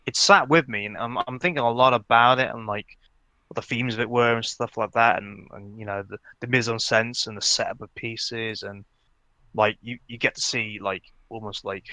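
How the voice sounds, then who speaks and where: While chewing gum, a podcast co-host chats casually about a game, rambling with lots of fillers and restarts. His mid-range voice is pushed and bright, with fairly even intonation and a moderate pace, and the recording has no room sound.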